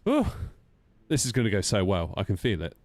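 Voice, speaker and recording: A man's voice: on the low side, huge pitch swings, brisk, a little mellow, dry recording. A man streaming a flight sim, chatting casually, teasing himself and answering chat aloud. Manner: chatty, self-mocking, reads chat aloud.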